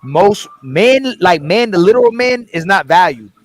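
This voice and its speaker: Young man hosting, fairly high voice. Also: lively intonation, unhurried. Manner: frequent agreeing interjections, repeats words when starting. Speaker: host. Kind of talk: casual debate talk.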